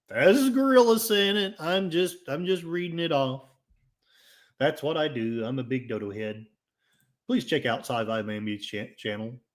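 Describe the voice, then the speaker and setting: Okie twang guy rambling thru his livestream chat, jokey, pokes fun at himself. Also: mid-range voice. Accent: Oklahoma. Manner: rambling, jokey and self-mocking. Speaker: livestream host. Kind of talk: casual livestream chat, reading comments.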